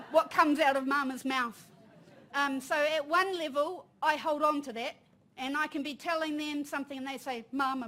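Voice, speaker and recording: A woman with a New Zealand accent, in her thirties or forties, telling a personal story at a conference, lively and laughing, with Māori phrases mixed in. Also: sits high, slight background noise. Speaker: panel speaker. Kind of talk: storytelling talk. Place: conference room.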